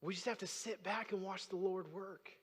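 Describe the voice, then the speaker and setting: A pastor delivers a sermon in a high-pitched, husky voice with a steady tone and moderate pace. His preaching is conversational but climbs to emphatic peaks, and the large church sanctuary adds long reverb.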